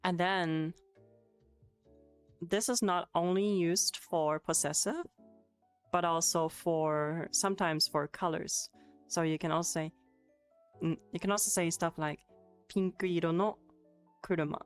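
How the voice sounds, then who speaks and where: A woman's voice: lowish voice, fairly even intonation, measured pace, pauses often, clear, resonant tone. A woman streaming a casual Japanese lesson on a headset, answering chat with giggles and swearing. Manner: giggly, swears, chatty and loose. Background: faint music playing.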